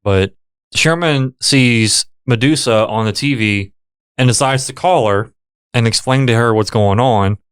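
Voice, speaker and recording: A man's voice: mid-range voice, unhurried, clear, resonant tone. A man co-hosting a podcast, retelling a film's plot in a laid-back casual way, leaning on "like" and "literally". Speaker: podcast co-host. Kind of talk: casual film recap chat.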